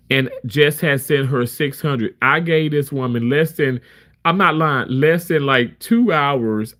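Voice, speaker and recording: A man's voice: mid-range voice, fairly bright tone. A man talking to camera as a live streamer, telling a story in a candid, emphatic way with many restarts. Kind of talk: casual storytelling rant.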